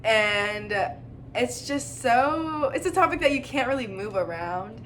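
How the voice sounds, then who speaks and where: A woman's voice: fairly high pitch, animated, measured pace, fairly bright tone. A young woman co-hosting a podcast, chatting casually about faith, rambling with lots of fillers and giggles. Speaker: podcast co-host. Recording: faint background noise.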